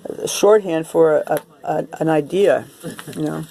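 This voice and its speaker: A woman's voice: low voice, measured pace, creaky, warm tone, rough recording. A woman chatting casually and rambling as she walks through her home, full of fillers and restarts. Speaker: artist showing her home studio. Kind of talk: casual vlog chat and home tour. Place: home, walking from room to room and into a kitchen. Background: Cajun fiddle music playing from a computer.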